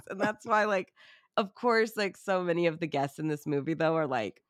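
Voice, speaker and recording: A woman's voice: medium pitch, lively intonation, moderate pace, dry recording, clean studio sound. A woman co-hosting a casual movie podcast, talking animatedly, swearing freely and acting out characters' reactions. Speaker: podcast co-host.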